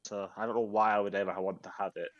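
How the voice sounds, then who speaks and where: A man's voice: fairly low pitch, flat delivery, fast talker, lo-fi sound. A man chatting casually over a game as a fellow player, rambling and correcting himself as he goes.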